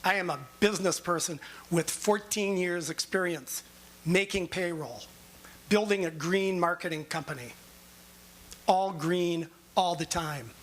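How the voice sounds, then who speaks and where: A man's voice: sits high, unhurried, fairly bright tone. A man from Minneapolis running for mayor, confidently laying out his campaign points in order during a debate opening statement. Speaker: mayoral candidate. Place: public forum hall.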